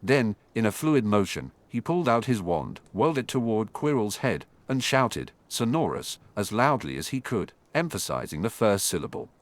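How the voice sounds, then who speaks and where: A man narrating an audiobook in an animated storytelling manner. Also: fairly low pitch, moderate pace, hardly any pauses, no echo. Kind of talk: scripted narration.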